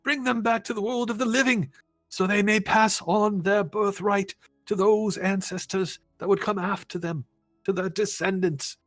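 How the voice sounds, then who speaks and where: A man voicing a calm, devout older abbot who speaks in a measured, pious way. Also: high voice, no room sound, studio quality, faint music behind, voice pushed up, close to an everyday voice. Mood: reverent.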